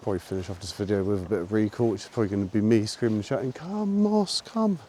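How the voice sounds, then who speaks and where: A man chatting casually outdoors while walking his dog, relaxed and explaining his training. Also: lowish voice, very fast, slight background noise. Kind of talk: casual walking vlog chat. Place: outdoors on a walk.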